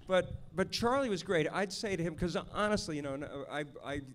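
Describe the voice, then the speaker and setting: A man, a film director, telling lively stories at an audience Q&A and acting out the people in them. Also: high-pitched, brisk. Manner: animated storyteller, acts out the people he quotes. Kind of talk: storytelling at a Q&A. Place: stage at a film screening venue.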